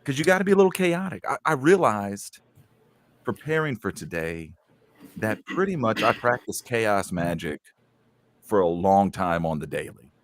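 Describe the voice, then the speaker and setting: A man's voice: lowish voice, sing-song, normal speed, no room sound, studio quality. A man co-hosting a podcast, chatting casually and rambling through stories with lots of fillers. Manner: rambling, laid-back storytelling with many fillers. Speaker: podcast co-host. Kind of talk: casual chat.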